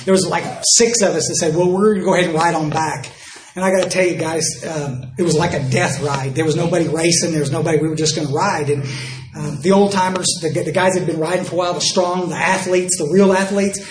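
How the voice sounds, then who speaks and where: A man's voice: fairly high pitch, fairly even intonation, quick pace, reverberant, noisy background. An older man from Texas, telling folksy, self-mocking stories at a recovery dinner talk and acting out both sides of each exchange. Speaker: recovery speaker. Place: dinner event hall.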